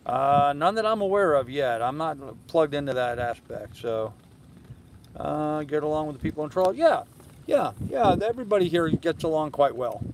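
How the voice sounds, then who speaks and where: A man's voice: a little high, animated, moderate pace, a little hiss or hum, poor audio. Easygoing older man on a boat. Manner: easygoing, rambling, with many fillers and restarts. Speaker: sailing vlog host. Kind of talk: live-stream chat, reading and answering viewer comments. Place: aboard a moored sailboat in a harbor, outdoors at evening.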